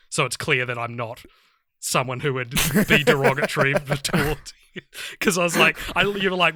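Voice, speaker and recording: A man's voice: a little high, sharp tone, no echo, studio quality. A man hosting a podcast, chatting casually and cracking jokes with his guests. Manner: joking, quick asides. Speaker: podcast host.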